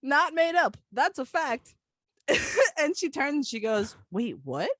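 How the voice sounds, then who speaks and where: A woman's voice: sits high, lively intonation, slow pace, a bit bright, dry recording, clean studio sound. A young woman co-hosting a podcast, telling a story animatedly, acting out the dialogue and laughing often. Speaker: podcast co-host. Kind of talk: casual storytelling chat.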